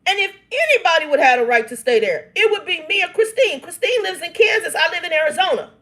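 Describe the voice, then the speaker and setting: A woman in her fifties, a channel host, tells her viewers a personal family story while reading out comments from her live chat. Her voice is very high and fairly bright, and she speaks quickly and expressively. She's emphatic, exclaiming and laughing often.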